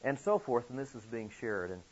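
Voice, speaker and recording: Husky-voiced man preaching a story sermon. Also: expressive, fairly quick. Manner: earnest storytelling with sudden emphatic high peaks. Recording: dull lo-fi recording.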